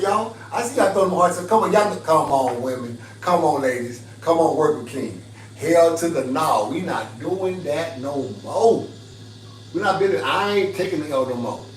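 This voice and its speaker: A man hosts a livestream, talking in an emphatic, preachy way and repeating his points. His voice sits fairly high. He is heard from some distance in a roomy space with faint ambience behind him. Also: slight background noise. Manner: emphatic, preachy, repetitive, laughing asides. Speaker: livestream host. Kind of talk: livestream advice talk.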